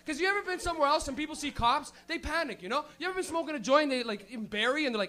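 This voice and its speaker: A young man with a Canadian accent doing a loud, rambling stand-up set in a club, laughing at his own jokes. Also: very high voice, animated, quick pace, pauses often. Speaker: stand-up comedian. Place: comedy club, live audience.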